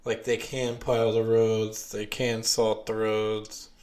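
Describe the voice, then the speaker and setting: A man's voice: on the low side, monotone, slow pace, darkish tone. A man hosting a podcast at home, chatting casually with lots of ums and restarts. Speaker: podcast host. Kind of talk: casual chat.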